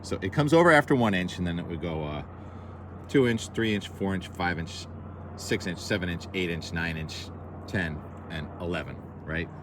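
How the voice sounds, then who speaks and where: A man's voice: sits low, moderate pace, noisy background. A man hosting a casual weather talk, rambling and correcting himself as he goes. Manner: chatty, rambling, self-correcting asides. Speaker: weather show host.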